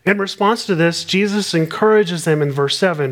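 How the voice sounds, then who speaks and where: A man's voice: high voice, moderate pace, few pauses. A man preaching a sermon, explaining scripture verse by verse and reading passages aloud in an earnest way. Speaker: pastor.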